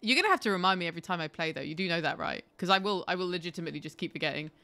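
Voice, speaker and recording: A woman's voice: lowish voice, animated, rapid-fire, creaky, sharp tone. A woman live-streaming a game from home on a headset, chatty and swearing, with laughing asides.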